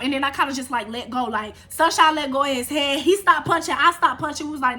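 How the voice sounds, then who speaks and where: A woman telling a casual storytime tale, animated and profane, with fight sound effects. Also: high voice, fast, few pauses. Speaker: storyteller vlogger.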